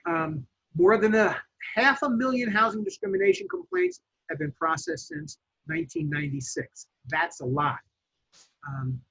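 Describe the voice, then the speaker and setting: Male real estate teacher, emphatic and restless, gravelly, in a muffled classroom recording. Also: sits high. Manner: lively, restarts and fillers, emphatic. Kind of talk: classroom lecture.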